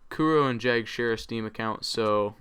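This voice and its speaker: A man's voice: mid-range voice, moderate pace, a bit bright, clean tone. A man hosting a let's play, chatting casually over his gameplay and rambling with many ums and uhs.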